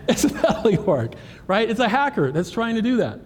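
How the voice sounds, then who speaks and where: A man giving an animated, joking cybersecurity presentation at a live conference, talking straight to the audience. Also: high voice, fairly quick, hardly any pauses, a little hiss or hum. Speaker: cybersecurity speaker. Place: conference hall. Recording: hall reverb with faint ambience.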